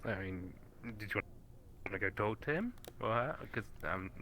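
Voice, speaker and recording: Guy, low voice, stammering and joking through an in-character roleplay. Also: expressive, normal speed, pushed and bright, slight background noise.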